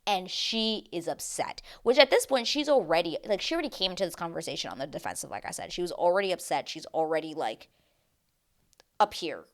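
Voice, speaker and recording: A woman's voice: fairly low pitch, very animated, fast. A woman hosting a casual TV recap, chatty and dramatic as she acts out her reactions. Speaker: recap show host.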